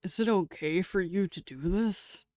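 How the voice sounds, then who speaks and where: A woman streamer reading a game aloud and chatting with her viewers, excitable and casually swearing. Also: on the low side, a little slow, no echo, studio quality.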